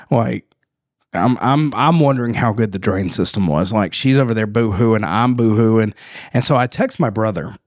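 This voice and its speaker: A man's voice: on the low side, no echo, studio quality. Laughing man telling a story. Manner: animated storyteller, laughs often. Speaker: podcast co-host. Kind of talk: casual storytelling chat.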